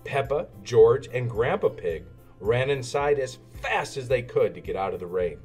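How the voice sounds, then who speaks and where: A man reading a children's storybook aloud in an expressive, sing-song way. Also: mid-range voice, moderate pace, faint music behind. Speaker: narrator.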